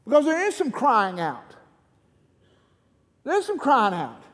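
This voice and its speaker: In a church with a long hall echo, a middle-aged pastor delivers a sermon slowly in a high, slightly bright voice whose pitch swoops wildly. He explains a passage, then presses the point with mounting urgency, his impassioned delivery rising to fervent pleading in prayer.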